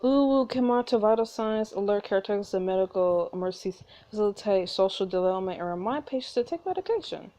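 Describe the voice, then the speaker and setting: A woman voicing a calm, gentle inventor father who speaks in a soothing, matter-of-fact way. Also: medium pitch, fast talker, few pauses, close to an everyday voice. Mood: explaining.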